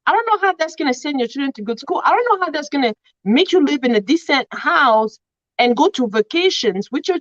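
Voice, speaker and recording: Lively high-voiced woman, animated. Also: no echo. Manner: animated, emphatic storytelling. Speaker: podcast co-host. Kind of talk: motivational podcast chat. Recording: dull lo-fi sound.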